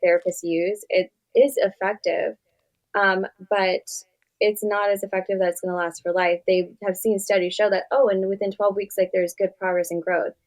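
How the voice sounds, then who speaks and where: A woman's voice: medium pitch, flat delivery, normal speed. A young woman therapist speaking casually in an interview, animatedly acting out conversations with her clients. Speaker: therapist guest.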